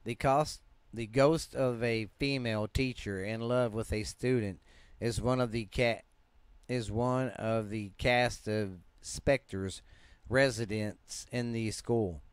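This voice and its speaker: A man's voice: mid-range voice, fairly even intonation, slow, smooth, no room sound. A man with a Southern US accent, hosting a podcast and casually reading ghost stories aloud, often stumbling and restarting words in a laid-back, yawning way. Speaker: podcast host.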